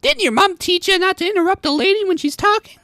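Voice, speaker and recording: A man voicing a sharp-tongued, scornful female rogue in a video game playthrough. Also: very high voice, fast, dry recording, pitched above the performer's own voice, heavily acted. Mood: mocking. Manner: mocking and cutting.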